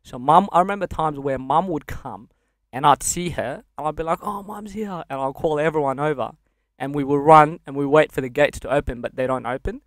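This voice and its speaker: A young man from Sudan, a podcast guest, candidly recounting a hard childhood in casual speech and laughing through dark memories. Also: fairly high pitch, a little fast, no echo, studio quality. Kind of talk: casual interview storytelling.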